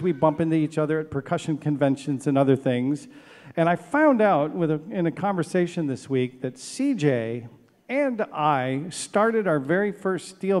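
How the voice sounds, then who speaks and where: A man's voice: a little high, big-room sound. Emotional man thanking a concert crowd. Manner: emotional, warm thanks, chokes up. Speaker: steel band director hosting a concert. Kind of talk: thank-you speech to a live audience. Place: outdoor theater stage.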